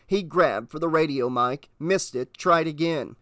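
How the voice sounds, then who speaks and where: A man narrating an audiobook in a steady, measured reading voice. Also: fairly high pitch, dry recording, studio quality.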